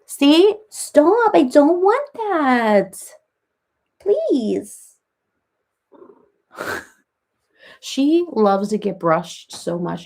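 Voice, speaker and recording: A woman's voice: medium pitch, a little mellow. A woman playing a rambling, chatty reality-TV woman in a comedic parody livestream, who baby-talks her cats and answers viewers by name.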